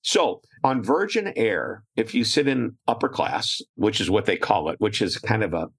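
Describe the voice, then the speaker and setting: A man's voice: fairly low pitch, sing-song, moderate pace, gravelly, breathy edge. A middle-aged man, a guest speaker in a casual chat, telling anecdotes and laughing often.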